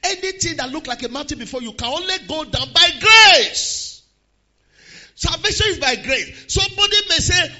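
A male preacher with a very high, piercing bright voice and lively, leaping pitch. He swings from hushed asides to slow, shouted declarations. The recording sounds dull and muffled. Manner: swings from quiet to shouted emphasis, slows hard on key lines. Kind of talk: sermon.

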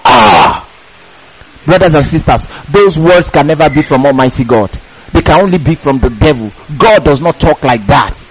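A husky-voiced man preaches a sermon. His voice sits high and swoops up and down with great animation. He drives his points home through repetition and sudden shouts. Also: animated, fairly quick, highs cut off. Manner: emphatic, repetitive, bursts into shouting.

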